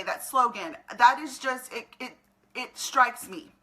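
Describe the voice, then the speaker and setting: Woman, fairly high and bright, earnest motivational talk to camera, recruiter. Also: a little slow, rough recording. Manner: earnest, emotional, pep-talk. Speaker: network marketing recruiter. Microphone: camera in front of her.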